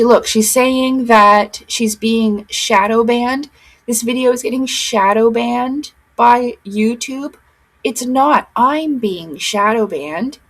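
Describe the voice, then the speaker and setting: A woman's voice: a little high, rough recording. A woman hosting her own commentary vlog, speaking earnestly and insistently, often repeating herself for emphasis. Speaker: commentary channel host.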